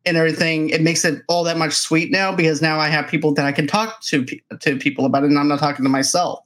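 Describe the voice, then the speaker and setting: A man's voice: on the high side, fairly even intonation, quick pace, a bit bright. Chatty man reviewing a movie. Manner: chatty, acts out quoted reactions. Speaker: podcast host. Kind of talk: casual movie review chat.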